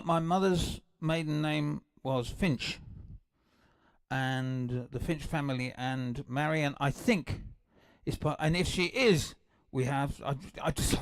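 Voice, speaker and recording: An older English man hosting a livestream, chatting in a rambling, excitable way with many restarts between songs. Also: fairly high pitch, no echo. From England. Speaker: livestream host and guitarist. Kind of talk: casual chat between songs. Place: home livestream. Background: acoustic guitar.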